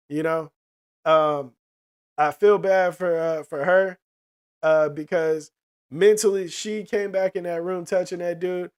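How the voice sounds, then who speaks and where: A man's voice: high voice, fairly even intonation, a little slow. Slangy, cussing man with a raised voice. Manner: slangy and profane, keeps asking "you know what I mean". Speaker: streamer talking to chat. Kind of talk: casual chat.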